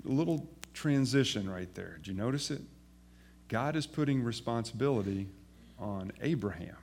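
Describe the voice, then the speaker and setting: A man preaching a sermon, reading scripture aloud and dropping to quiet, earnest asides to explain it. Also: mid-range voice, expressive, normal speed. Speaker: pastor.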